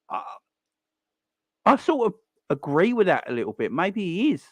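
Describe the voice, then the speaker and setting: A man's voice: on the high side, big pitch swings, moderate pace, long pauses, dry recording. A young man hosting a live stream, ranting in an exasperated, repetitive way and swearing now and then. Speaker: fan channel host. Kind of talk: live-stream football rant.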